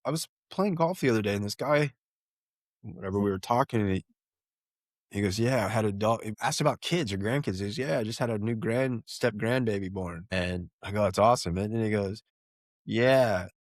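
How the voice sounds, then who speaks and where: A lower-voiced man chatting on a podcast, telling stories and acting out the voices of the people in them. The sound is dry and close to the mic. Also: a little fast, dry recording. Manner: lively anecdote-telling, acting out quoted dialogue. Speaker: podcast co-host. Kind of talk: casual podcast conversation.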